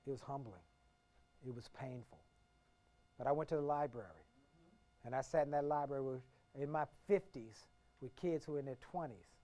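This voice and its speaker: This D.C.-area man in his fifties, a motivational speaker, gives his keynote at a moderate pace, pausing often. He tells stories with emphasis, circles back to repeated phrases and shifts from hushed to booming.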